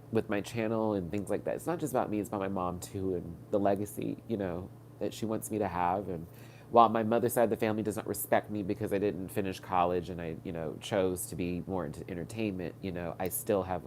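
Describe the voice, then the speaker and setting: A man's voice: sits low, a little mellow, slight background noise. A man hosting a live stream, stuffed up from crying, telling rambling personal stories with lots of fillers and restarts. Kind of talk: casual personal storytelling. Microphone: webcam or phone mic on a live stream.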